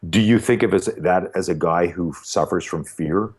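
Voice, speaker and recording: A man talking as a podcast guest, telling a long story in a casual, animated way with many fillers and acted-out dialogue. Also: deep voice, moderate pace, slightly rough.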